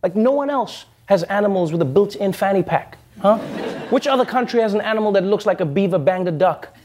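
A man hosting a comedy news show, delivering a satirical monologue with punchy jokes and quick asides. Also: high-pitched, animated, a little mellow, a little hiss or hum. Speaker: host.

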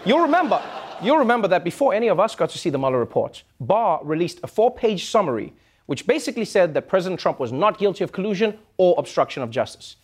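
A South African man hosting a late-night comedy show, delivering an animated, mocking monologue. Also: high voice, husky. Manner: animated, mocking, quick asides. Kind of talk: stand-up monologue.

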